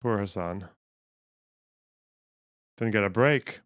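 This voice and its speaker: A man's voice: fairly low pitch, slow pace, a bit bright, smooth. A man streaming live, reacting to a clip with frequent laughter, reading out chat messages and passages from a text. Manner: laughs often, reads chat and academic text aloud. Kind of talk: casual live-stream commentary.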